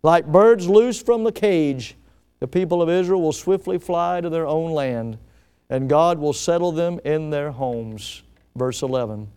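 Male pastor, sermon, resonant and a touch high-pitched, theatrical loud-to-soft swings. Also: clean tone. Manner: dramatic preaching that swells loud then drops to soft, slow emphasis.

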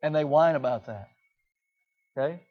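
A man preaching a sermon in an animated way, often mimicking the people he talks about. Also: a little high, normal speed, lo-fi sound. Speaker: pastor.

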